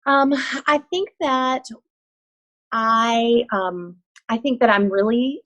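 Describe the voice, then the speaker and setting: A woman's voice: on the high side, takes it slowly, a bit bright, dull audio. Earnest woman Pilates instructor, heartfelt. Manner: earnest and heartfelt, with many restarts. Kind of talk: casual chat on a video call. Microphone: video call.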